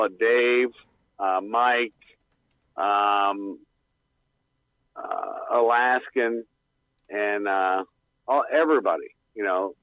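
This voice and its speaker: A man's voice: lowish voice, dry recording. A man calling into a radio show, rambling bluntly with lots of fillers and the odd swear word. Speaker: guest on call-in show. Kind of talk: casual rambling radio talk. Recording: tinny phone line.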